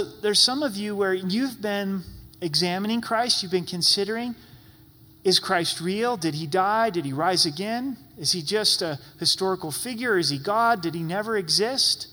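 A man's voice: high-pitched, pushed and bright, big-room sound. A man preaching a sermon as pastor in a church sanctuary, talking in an earnest, pleading, conversational way.

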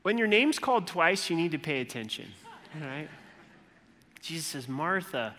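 A man preaching a sermon as a pastor, animated and humorous, acting out the voices of the people in his story. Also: on the high side, moderate pace, slight background noise. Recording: long hall reverb.

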